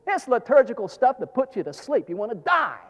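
A middle-aged man, preaching a sermon as a pastor, telling stories dramatically and swinging from hushed tones to shouts. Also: extremely high pitch, very animated, brisk. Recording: long hall reverb.

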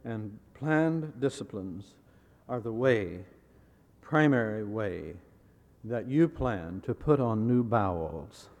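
Measured preacher in a reverberant hall. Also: male voice, fairly low pitch, animated, a little mellow, muffled recording. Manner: measured, repeats key phrases for emphasis; asks the audience rhetorical questions. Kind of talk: sermon.

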